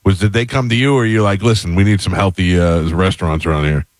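A man's voice: sits low, fast, no room sound, studio quality. A male radio host in casual chat, joking and teasing his guest.

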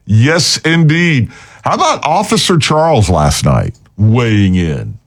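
Male radio co-host, slow delivery, lively pitch, easygoing. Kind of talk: casual radio talk.

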